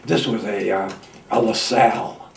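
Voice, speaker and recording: A man in his nineties from Michigan, a veteran telling his war memories in a halting, folksy way with plain colloquial grammar. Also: on the low side, steady tone, vocal fry, reverberant, recorded from a distance, slight background noise. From Michigan, United States. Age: 90s. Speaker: veteran interviewee. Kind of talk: oral history reminiscence.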